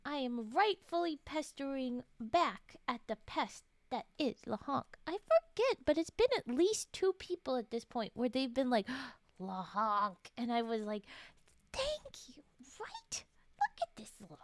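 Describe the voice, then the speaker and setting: Playful sleepy woman streamer, high lively voice. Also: measured pace, hardly any pauses, dry recording. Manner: playful teasing, soft and murmured, often whispering. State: sleepy, yawning. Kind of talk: casual live-stream chat while folding origami.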